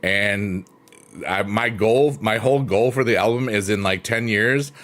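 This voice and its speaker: A man's voice: fairly low pitch, a little slow, a bit bright. A man streaming and rambling cheerfully in casual chat while he plays the piano behind his talk. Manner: rambling, upbeat, playful swearing. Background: piano music.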